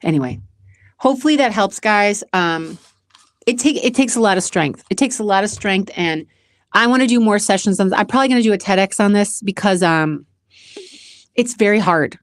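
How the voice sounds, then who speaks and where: A woman's voice: mid-range voice, expressive, normal speed, no echo, studio quality. A woman hosting her own channel, talking earnestly through a personal motivational monologue, repeating phrases for emphasis. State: close to tears at times. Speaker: channel host.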